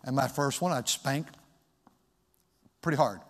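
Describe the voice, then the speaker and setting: A middle-aged male pastor preaching a sermon in a personal, conversational way, pausing and restarting as he tells a story. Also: mid-range voice, breathy edge, in a large hall.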